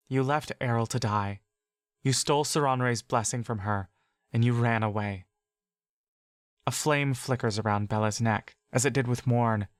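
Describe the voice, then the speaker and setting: A man's voice: medium pitch, no echo, clean studio sound. Man narrating a story in second person. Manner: slow, measured, intense.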